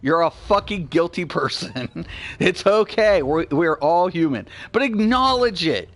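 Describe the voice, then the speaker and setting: A man in his forties with a high-pitched voice rants bluntly and heatedly about a game, swearing freely. He drifts between low, muttered grumbling and loud, excited bursts, talking casually like a streamer mid-session. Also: a little slow. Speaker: gaming channel host. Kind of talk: casual gameplay rant.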